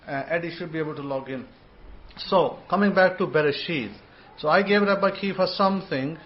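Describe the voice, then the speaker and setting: Man teaching scripture over muffled audio. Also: fairly high pitch. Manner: rambling, repeats words, sounds out syllables slowly. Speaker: host and religious teacher. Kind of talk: informal online scripture teaching.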